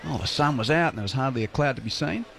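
Male radio cricket commentator, mid-pitched, chatty, relaxed asides. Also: fast talker, gravelly, noisy background. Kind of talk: live radio sports commentary.

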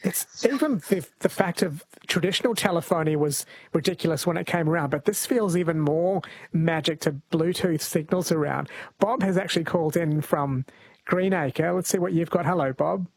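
A man's voice: a little high, normal speed, vocal fry, breathy edge. A man hosting a radio talk show, taking a caller and musing on the topic. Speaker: radio host.

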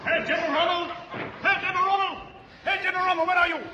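An actor playing a frantic German soldier in a 1950s radio comedy, with a put-on German accent and shrill, urgent cries. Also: male voice, steady tone, fast, dull audio. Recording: noisy 1950s radio recording.

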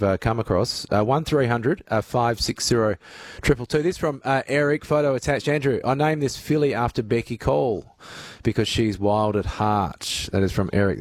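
A relaxed man hosting talk radio and reading out listener messages between chat. He sits close to the mic in a dry studio. His voice has a mid pitch. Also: dry recording. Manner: relaxed, with frequent uhs. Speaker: radio host.

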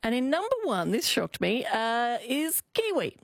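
A woman's voice: fairly high pitch, big pitch swings, a little slow, no echo, clean studio sound. A woman comedian on a radio show, chatting enthusiastically and giggling. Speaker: comedian guest. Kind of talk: casual radio chat.

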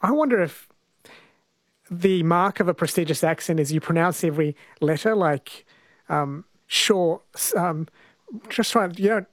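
An Australian-accented talk radio host takes calls and asks the guest questions in a curious, slightly searching way. The voice is mid-pitched and sounds dry and close. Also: unhurried, no room sound.

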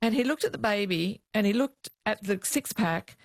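A woman's voice: medium pitch, normal speed, creaky, dry recording. A middle-aged Australian woman, a former police officer, telling anecdotes in an interview and acting out the voices of the people in them. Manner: animated anecdotes, acts out quoted voices. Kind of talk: interview storytelling.

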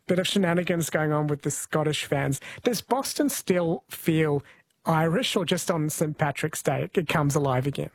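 Husky-voiced host asking questions. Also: mid-range voice, moderate pace, dry recording. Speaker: radio host. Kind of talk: casual interview chat.

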